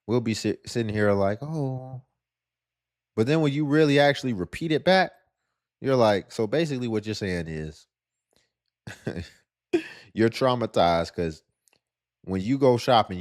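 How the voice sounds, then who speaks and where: A man's voice: fairly low pitch, darkish tone. A man giving sarcastic, lecturing reaction commentary on a video clip.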